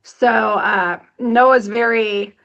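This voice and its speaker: A woman's voice: a little high, steady tone, very slow, gravelly, fairly bright tone, dull audio. A woman being interviewed on a podcast as a company executive, chatty and upbeat in her talk. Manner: upbeat, chatty, laughs easily.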